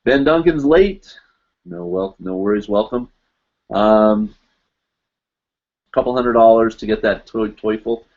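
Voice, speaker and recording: A man's voice: lowish voice, slow pace, long pauses, darkish tone, highs cut off. A man hosting a casual live stream, answering viewer questions and reading comments aloud in a rambling, easygoing way.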